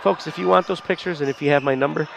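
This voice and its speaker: A man in his forties calling a live high school basketball game with a stuffed-up nose, fond and folksy. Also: fairly even intonation, quick pace, vocal fry. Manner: fond, folksy, often near tears. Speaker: play-by-play announcer. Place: school gymnasium, in the stands. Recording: gym crowd noise behind the voice.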